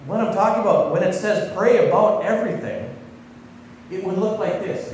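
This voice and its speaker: A pastor with a high voice preaches at normal speed, talking conversationally and asking his congregation questions. His slightly mellow voice sounds far off in an echoey hall, with slight background noise.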